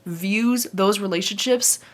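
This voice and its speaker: A woman's voice: mid-range voice, slow. A young woman talking casually to camera from her bed as a book vlogger, chatty and gushing, full of "like" and "dude". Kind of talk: casual vlog chat. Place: bedroom, in bed.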